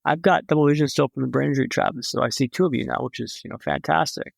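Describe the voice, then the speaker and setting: A man's voice: medium pitch, fairly even intonation, quick pace, gravelly, dry recording. A young man, a podcast guest, telling a story in a vivid, dramatic way with wry humor. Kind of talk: storytelling in a conversation.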